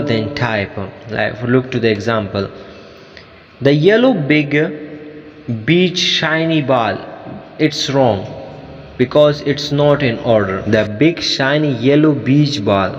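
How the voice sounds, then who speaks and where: A man teaching a grammar lesson as an English teacher, talking in a halting way with many fillers and restarts. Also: mid-range voice, in a large hall, lo-fi sound.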